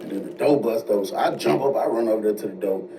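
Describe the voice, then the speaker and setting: A man telling a jailhouse-style story in casual, animated slang. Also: lowish voice, creaky. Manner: animated, slangy, fast asides. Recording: distant mic with faint noise.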